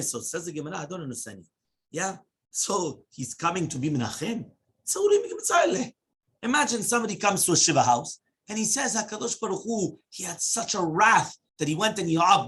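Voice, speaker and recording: A man leads a Talmud lesson at a brisk clip, reciting Hebrew passages rapidly before translating them into English. His voice sits a touch high for a man and has a husky grain. He keeps checking in with his listeners with quick "right?" and "yeah?" asides. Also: fairly bright tone. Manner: chants Hebrew quotes rapidly. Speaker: rabbi teaching Talmud.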